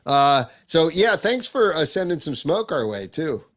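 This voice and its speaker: A man's voice: fairly high pitch, big pitch swings, measured pace, a bit bright. A man hosting a podcast, laid-back and steering the casual chat along. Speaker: podcast host.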